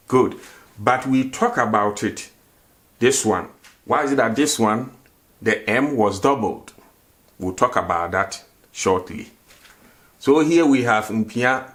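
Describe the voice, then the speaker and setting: A man's voice: fairly low pitch, takes it slowly, pauses often, a bit bright. A man teaching a grammar lesson, who asks questions and answers them himself and repeats words for drill. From Ghana. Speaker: language teacher.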